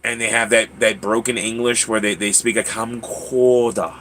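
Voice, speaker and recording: A man's voice: lowish voice, little pitch movement, a little fast, sharp tone, a little hiss or hum. An American man hosting a livestream, telling stories in a rambling, laid-back way with many fillers. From United States. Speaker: livestream host. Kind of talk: casual chat.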